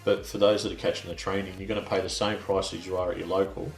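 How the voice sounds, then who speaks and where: A man hosting a casual podcast, relaxed and rambling with plenty of "you know". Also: low-pitched, fast talker, reverberant, soft background music. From Australia. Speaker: podcast host. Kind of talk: casual chat.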